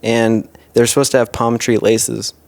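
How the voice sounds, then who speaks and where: A man's voice: medium pitch, little pitch movement, moderate pace, vocal fry, darkish tone, dry recording. Laid-back young man, slangy and dry. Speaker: podcast guest, content creator. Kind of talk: casual podcast chat.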